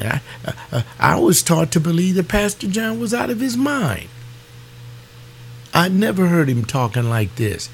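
A man preaching a fervent webcast sermon, pleading with his listeners and rising in pitch on his emotional appeals. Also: very animated, moderate pace, creaky, slight background noise.

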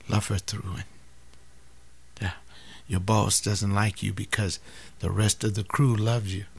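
Brief: older male preacher, gravelly, impassioned, drops from loud appeals to near-whispers. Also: fairly low pitch. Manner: acts out family dialogues, swings from loud to hushed. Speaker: teacher giving a sermon-like talk.

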